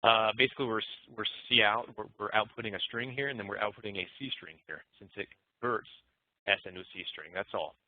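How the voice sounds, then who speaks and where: Low-voiced man lecturing over tinny audio. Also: fast, dry recording. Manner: relaxed, thinking aloud with fillers and restarts. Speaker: programming instructor. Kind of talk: recorded lecture explaining code. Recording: muffled phone-like dry audio.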